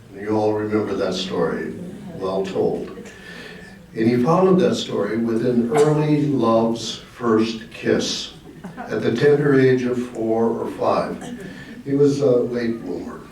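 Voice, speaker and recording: A man's voice: medium pitch, a little mellow. A man hosting a community story hour, introducing the next storyteller with teasing jokes. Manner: teasing, unhurried. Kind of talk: warm introduction with gentle jokes. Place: community hall. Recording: echoey room, mic far off.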